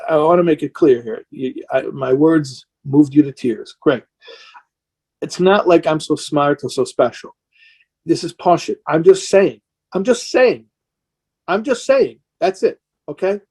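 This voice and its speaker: A man's voice: mid-range voice, creaky, darkish tone, husky. A man speaking as a rabbi in an impassioned question-and-answer talk, earnest and emotional, sounding tired and worn down.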